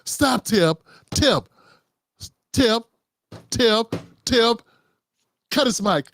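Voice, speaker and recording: A man's voice: very high voice, expressive, very slow, a bit bright, dry recording, exaggerated voice. A man doing an impression of an exasperated woman news anchor who keeps scolding a panelist by name, over and over. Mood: frantic scolding.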